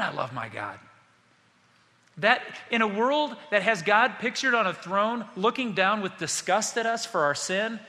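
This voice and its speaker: A man's voice: fairly high pitch, bright, forceful tone, long reverb tail. A man preaching a sermon as pastor, speaking passionately and addressing the congregation directly.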